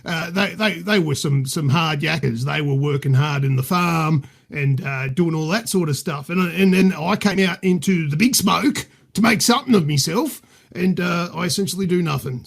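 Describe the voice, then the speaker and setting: With a slightly high, slightly rough voice and some vocal fry, an Australian man improvises a boastful, crude middle-aged podcast guest. He speaks at a moderate pace, cheeky in mood, rambling and cursing freely.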